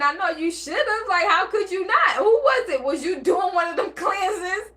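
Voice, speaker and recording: A woman's voice: extremely high pitch, animated, moderate pace, few pauses, bright, forceful tone. A woman vlogger speaking in an emotional, blunt and profane personal monologue, acting out bits of dialogue. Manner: emotional, near tears and laughing by turns.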